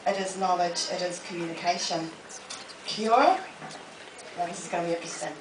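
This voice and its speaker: A woman, giving a lively, humorous motivational talk to a live audience in a library. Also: lowish voice, brisk. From New Zealand. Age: 40s. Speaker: motivational speaker. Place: public library hall. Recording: echoey room, distant mic, noisy.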